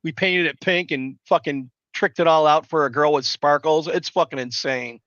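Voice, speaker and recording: Loud rambling foul-mouthed man. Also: on the high side, moderate pace, dry recording. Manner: loud, rambling, swears constantly. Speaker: live stream host. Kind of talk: profane casual storytelling chat. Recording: dull lo-fi dry sound.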